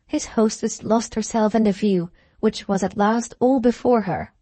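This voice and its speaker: Mellow-voiced woman reading a classic novel. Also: mid-range voice, normal speed, dry recording. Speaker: audiobook narrator. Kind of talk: scripted narration of a classic novel.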